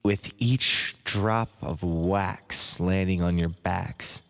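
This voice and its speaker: A man narrates a mock sleep hypnosis in a soft, hypnotic second-person voice. His voice sits very low and moves at an unhurried crawl. A long hall reverb trails every phrase. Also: steady tone.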